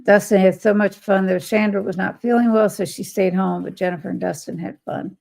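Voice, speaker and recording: Older woman, livestream host, reading comments aloud, chatty, gravelly fry. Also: medium pitch, steady tone, a little fast, rough recording. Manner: chatty, reads messages aloud and replies warmly.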